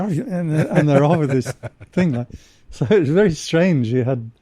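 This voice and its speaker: Mellow-voiced man from England. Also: a little high, normal speed, slightly rough, no room sound. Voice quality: dry humor, animated anecdotes with laughs. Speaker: podcast guest, ordained monk. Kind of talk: casual storytelling conversation.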